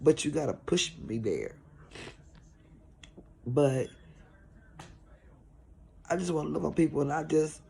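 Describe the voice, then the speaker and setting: Gravelly, husky middle-aged woman preaching compassion. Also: deep voice, expressive, takes it slowly, long pauses, warm tone. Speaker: caregiver vlogger. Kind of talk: heartfelt preachy vlog talk.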